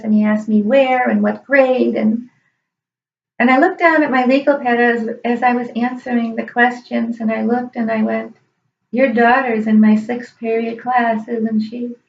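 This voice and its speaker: A middle-aged woman, a high school teacher, telling a personal story in an earnest, emotional, emphatic way. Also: gravelly, darkish tone, slight background noise. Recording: echoey room, distant dull mic.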